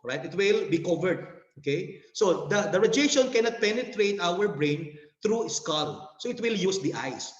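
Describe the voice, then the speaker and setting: A man's voice: high voice, echoey room, big-room sound, muffled recording. A man with a Filipino accent giving a nervous sales presentation over a video call, laughing and restarting often.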